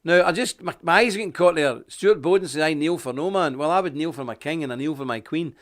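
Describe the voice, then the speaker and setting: A middle-aged man from Northern Ireland hosts a live online commentary at a quick pace in a slightly high voice, and he coughs. He's rambling and indignant, reading from a paper and greeting those watching.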